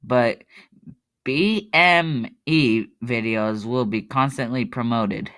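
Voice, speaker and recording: A man's voice: mid-range voice, takes it slowly, a bit bright. A man giving casual commentary on a web game, rambling and mocking himself, often breaking into laughter. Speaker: YouTuber playing a web game.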